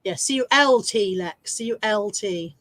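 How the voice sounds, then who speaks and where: A woman's voice: mid-range voice, a little slow, fairly bright tone, no echo, low-quality recording. A woman chatting casually on her regular live stream, laughing often and joking at her own expense.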